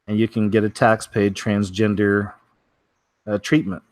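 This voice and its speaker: A man's voice: lowish voice, little pitch movement, unhurried, darkish tone, dry recording. Dry-voiced man doing wry news chat. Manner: wry, offhand, many fillers. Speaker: host of a weekly news show. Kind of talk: casual news commentary.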